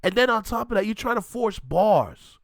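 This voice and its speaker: A man's voice: sits high, sing-song, normal speed, vocal fry, dry recording, studio quality. A man hosting a music reaction video, ranting emphatically and in disbelief as he gives his take.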